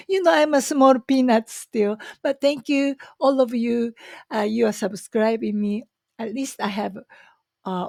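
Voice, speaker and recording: A woman with a Japanese accent talks slowly and warmly in a chatty, enthusiastic vlog. Her voice sits a little high, and the sound is dry and close. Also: gravelly, no echo. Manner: chatty, enthusiastic, many fillers. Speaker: vlogger. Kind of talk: casual talk to camera.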